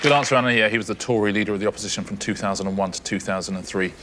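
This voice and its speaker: Fast-talking male quiz co-host. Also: fairly low pitch, a loud crowd, heavy background noise. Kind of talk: TV quiz commentary. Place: TV studio.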